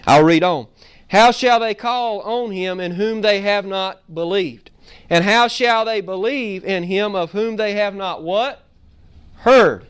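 A man's voice: high voice, smooth. A man preaching a sermon as pastor, quizzing the congregation with questions he answers himself, asking "Amen?" and reading scripture in old biblical wording. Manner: builds from calm to emphatic.

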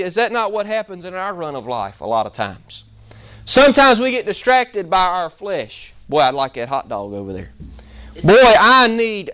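A preacher man tells a homespun story to his congregation, acting out each scene with animated energy. His voice sits high and rings clear and smooth. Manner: animated, folksy, acts out the story. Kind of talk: storytelling sermon.

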